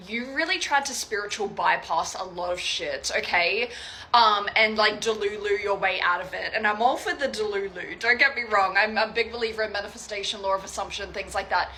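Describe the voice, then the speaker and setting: A woman's voice: mid-range voice, pushed and bright, slight background noise, rough recording. A young adult woman giving a casual, chatty psychic reading to viewers, swearing freely and checking in with "okay, guys?". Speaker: tarot reader.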